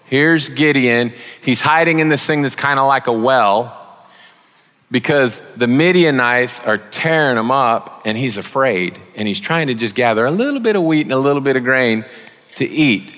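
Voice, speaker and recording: A man preaching as a guest speaker, conversational and joking, with sudden loud emphasis. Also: mid-range voice, expressive, normal speed. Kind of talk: sermon. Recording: long reverb of a large hall.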